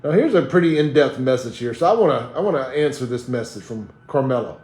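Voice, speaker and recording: Speaking fast with lively intonation, this medium-pitched, darkish-toned man hosts a live online talk show from Jackson, Mississippi. His Mississippi Southern accent carries a blunt, combative, defiant rant, and the room echoes.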